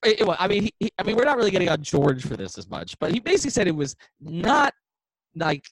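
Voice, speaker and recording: Animated rambling male sports podcaster. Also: high voice, quick pace, vocal fry, no room sound, rough recording. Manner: rambling, animated storyteller with many restarts. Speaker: podcast co-host. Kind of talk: casual sports chat.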